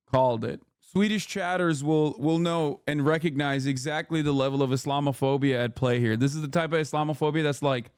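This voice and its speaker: A man streaming, reacting to clips with sarcastic, profane, rapid-fire commentary. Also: fairly high pitch, clear, resonant tone, no room sound, studio quality. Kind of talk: casual commentary.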